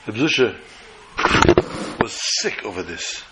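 A man telling religious stories in an animated, dramatic way, repeating phrases for effect. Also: medium pitch, normal speed, long pauses, very noisy. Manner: animated, dramatic storytelling with repetition. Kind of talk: storytelling lesson.

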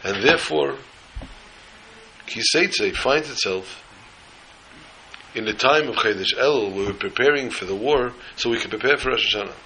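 A man giving a sermon as a rabbi, an animated storyteller who acts out scenes before he turns to teaching. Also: mid-range voice, moderate pace, pauses often, a little hiss or hum, poor audio. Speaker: rabbi teaching the weekly Torah portion.

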